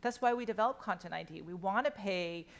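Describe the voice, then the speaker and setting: A woman giving interview answers in an earnest, measured way with some fillers. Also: medium pitch. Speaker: interviewee, company executive.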